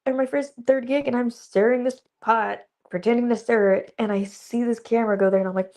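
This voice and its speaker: Animated young woman telling stories. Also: on the high side, fast, few pauses. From Dallas area. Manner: animated storyteller, laughs often, acts out quotes. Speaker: guest actress. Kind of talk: casual interview chat.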